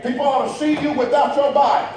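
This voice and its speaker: A man preaches in a high voice, calling out and drawing responses from his congregation. The sound is distant and echoes heavily around the church, with the crowd audible behind him. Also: fairly even intonation, quick pace. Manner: call-and-response preaching, rising and falling. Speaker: pastor. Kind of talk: sermon. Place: church sanctuary.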